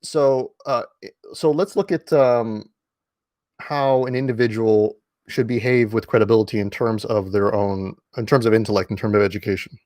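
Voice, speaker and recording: A man's voice: fairly low pitch, steady tone, moderate pace, a little mellow, no echo, clean studio sound. A man giving a casual lecture-style monologue, emphatic and repetitive, with many fillers and restarts, speaking from home. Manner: emphatic, repeats key words, frequent fillers and restarts. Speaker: online commentator. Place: indoors at home.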